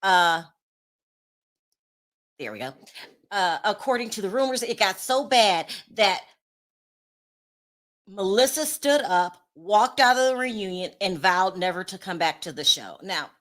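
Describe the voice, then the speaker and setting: Bright, candid woman recapping reality TV. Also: mid-range voice, animated, a little slow, long pauses. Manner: chatty, candid, laughs often, talks to the chat. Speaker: reality TV commentary host.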